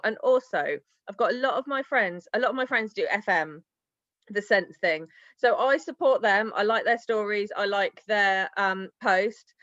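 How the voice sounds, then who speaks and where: A woman's voice: mid-range voice, fairly bright tone, no room sound. Woman, bubbly, rambling, laughs a lot, dry sound. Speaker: guest sharing sales tips. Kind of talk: casual team-call talk. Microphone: video call. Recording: dry, dull lo-fi call audio.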